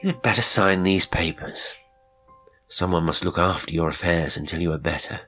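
A man voicing a charming young swindler who talks in a smooth, smiling, falsely reassuring way. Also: sits low, moderate pace, a bit bright, faint music behind. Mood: smooth menace.

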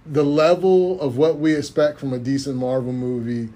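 A man co-hosting a casual podcast about movies, animated, laughing often and repeating himself as he talks. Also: medium pitch, normal speed. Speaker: podcast co-host.

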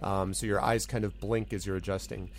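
Guy running a tabletop game, kinda low and gravelly, lots of ums. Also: little pitch movement, fairly quick, soft background music. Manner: laid-back, hesitant, many fillers, laughs often. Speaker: game master.

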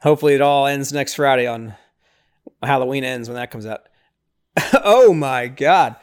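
With a clean tone and moderate pace, a young male podcaster gives an excitable, casual recap of a horror movie. Fillers pepper his speech, and he briefly performs characters' lines in high-pitched voices.

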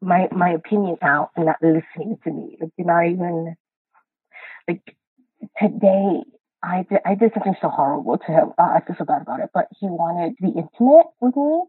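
A woman calling in to a podcast, venting about her partner in a halting, frustrated way with a husky voice. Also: on the low side, dry recording. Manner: frustrated, halting, many restarts. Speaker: caller. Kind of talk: live call-in chat. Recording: dry tinny call line.

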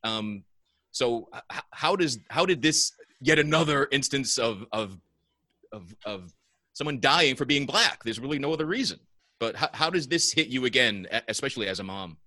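Man, podcast host, bright tense voice, dry close sound, casual and candid, stumbles and restarts. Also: medium pitch, lively intonation, normal speed, no room sound. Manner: candid, swears, trails off into restarts. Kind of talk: casual conversational interview.

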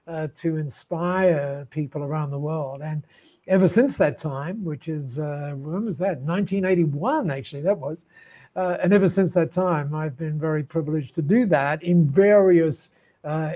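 An older man, a podcast guest, telling stories in an animated way with many restarts and laughs. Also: on the high side, lo-fi sound. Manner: animated, warm storyteller with frequent restarts and laughs. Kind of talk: storytelling in an interview.

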